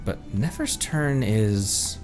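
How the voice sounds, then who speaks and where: A man's voice: fairly low pitch, animated, takes it slowly. A man streaming a game, joking and reading the dialogue aloud. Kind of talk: casual gameplay commentary. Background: faint game music.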